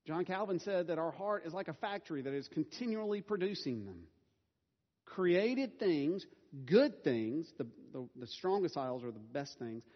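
A middle-aged man preaching a sermon as a pastor, casual and self-deprecating, laughing now and then. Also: fairly high pitch. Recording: dull sound with long hall reverb.

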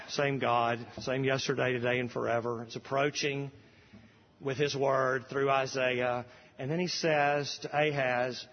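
Male pastor, earnest sermon delivery, slow emphatic scripture reading, muffled lo-fi sound. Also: mid-range voice, long reverb tail.

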